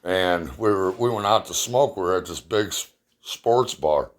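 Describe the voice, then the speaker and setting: Man, middle-aged, very low voice, blunt, emotional personal storytelling, swears a lot. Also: normal speed.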